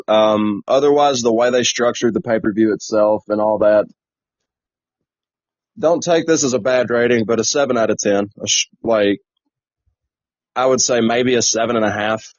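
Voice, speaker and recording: A man's voice: fairly low pitch, dry recording. A man co-hosting a podcast, giving joking, opinionated takes in casual chat. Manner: joking, opinionated, laughs at own hot takes. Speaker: podcast co-host. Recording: dull, dry lo-fi podcast audio.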